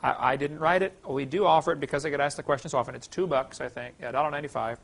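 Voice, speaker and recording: Gravelly folksy preacher-style lecturer, a man. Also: fairly high pitch, rapid-fire, fairly bright tone. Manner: folksy, emphatic, quotes scripture aloud. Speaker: creation science teacher. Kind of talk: classroom lecture.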